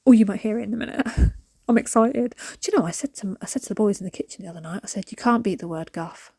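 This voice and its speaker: A woman talks casually while she tidies her home, rambling from one thought to the next. She often drops to a soft whisper mid-sentence. Her voice sits at a middle pitch and the sound is dry and close. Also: quick pace, slightly rough, no echo. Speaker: vlogger. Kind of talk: casual chat while decluttering.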